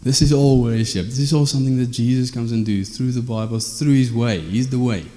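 A man's voice: medium pitch, steady tone, brisk, warm tone, long reverb tail. A man, preaching an informal teaching sermon in a conversational way, often checking in with tag questions.

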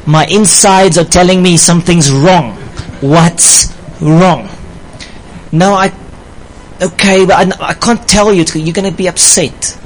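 A man's voice: high voice, steady tone, takes it slowly, a little hiss or hum, poor audio. A man preaching about marriage in a light, playful way, often laughing with his audience. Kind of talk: sermon on marriage.

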